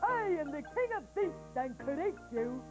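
A proud, haughty lion who talks like a king of the beasts, as a woman voices him. The voice is high and unhurried, with slow, drawn-out royal lines, and music plays behind him in a children's storybook show. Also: sing-song, rough recording. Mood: commanding. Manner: roaring, haughty royal speech.

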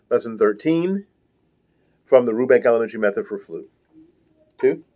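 A man's voice: medium pitch, animated, normal speed, dark tone, lo-fi sound. A man teaching an online music lesson, talking in a chatty, encouraging way with rambling asides.

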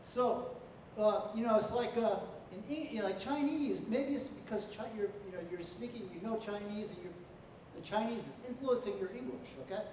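A man with a high voice gives feedback as a contest judge, pausing often and checking in with "okay?". He sounds far from the mic, in a big echoing hall with a faint hum behind him. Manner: halting, full of "you know" and "okay?". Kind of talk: spoken feedback to students.

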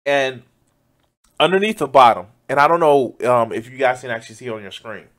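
A man's voice: medium pitch, animated, a little fast, a bit bright. A man giving loose, profane reaction commentary as a streamer, often exclaiming and laughing. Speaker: streamer reacting to news clips.

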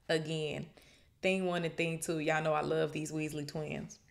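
A deep-voiced woman with vocal fry reads at a measured pace. On her podcast she works through a novel aloud and stops for animated, slangy jokes along the way.

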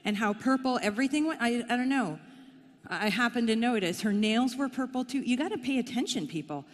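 A woman's voice: a little high, animated, a little fast. A middle-aged woman from Canada giving a conference talk in a chatty, playful, self-deprecating way. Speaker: conference speaker. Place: conference hall. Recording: long hall reverb.

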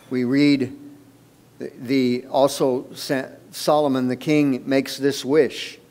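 A male pastor preaching a sermon in a church, slow and deliberate with emphatic pauses. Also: medium pitch. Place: church sanctuary.

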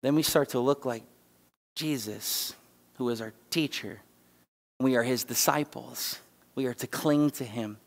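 A man's voice: medium pitch, unhurried, creaky, pauses often. A man preaching a sermon as guest speaker, talking conversationally and emphatically, with asides and restarts. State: holding back tears. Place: church sanctuary. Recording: church hall reverb.

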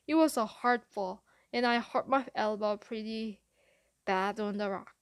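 A woman reading a first-person story aloud as an audiobook narrator, retelling a chase in a lively, breathless way. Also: mid-range voice, unhurried, clear, resonant tone, dry recording.

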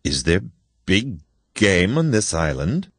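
A grown big-game hunter who talks plainly and asks short, pointed questions. A man reads him in an audiobook, his voice deep and dry, recorded close with no room echo. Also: very animated, takes it slowly, fairly bright tone, slightly rough, heavily acted. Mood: curious. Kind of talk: audiobook story reading.

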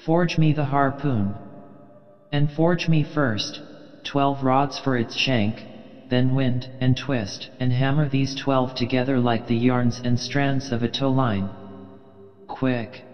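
An obsessed, commanding old sea captain speaks with imperious intensity, as a male audiobook reader puts him on. The delivery is slow and weighty. A long reverb and a dull, muffled sound hang over it, with faint music underneath. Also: mid-range voice, steady tone, natural voice. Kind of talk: audiobook reading.

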